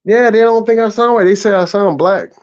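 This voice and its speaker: A Southern American man brags and swears in a relaxed chat on a streamed panel. His voice sits fairly high for a man and comes through a muffled, lo-fi line. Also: brisk. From Southern United States. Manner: loud, boastful, profane, laughs a lot. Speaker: panel caller. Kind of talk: casual live stream chat.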